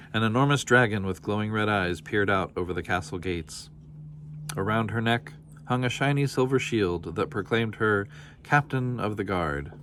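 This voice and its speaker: Man, children's storybook reader, lowish voice, expressive narration. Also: a little hiss or hum. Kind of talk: children's storybook read-aloud.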